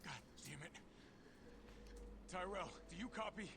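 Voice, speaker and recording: An actor playing a worried male cop in a video game, taking an infected partner to help, speaking low and strained. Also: a little slow, vocal fry. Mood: urgent. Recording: game audio under heavy noise. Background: loud game ambience and noise.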